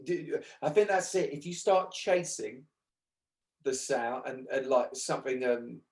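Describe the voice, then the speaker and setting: London guy chatting about his band on the radio, mid pitch, animated, swears a fair bit. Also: a little slow. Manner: animated, swears freely, acts out quoted voices. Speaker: lead singer of a band. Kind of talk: casual radio interview.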